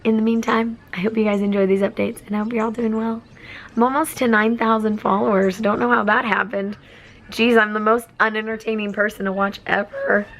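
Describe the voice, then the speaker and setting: Bright-voiced chatty young woman vlogging. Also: medium pitch, flat delivery, fairly quick, poor audio. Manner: chatty, rambling, self-deprecating. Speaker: vlogger and foster mom. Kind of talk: casual chat to camera. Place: home, indoors. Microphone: phone camera.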